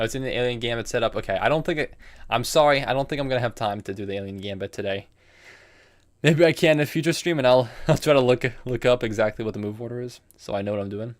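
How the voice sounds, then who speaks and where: A man streaming online chess, chatting casually and thinking aloud about his moves while answering viewers. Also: medium pitch. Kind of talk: casual live-stream game commentary.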